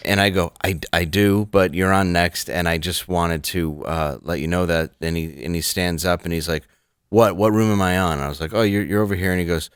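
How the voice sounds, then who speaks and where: A man telling a comedy club story in casual chat, blunt and deadpan. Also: deep voice, brisk, smooth, dry recording, clean studio sound. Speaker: comedian guest.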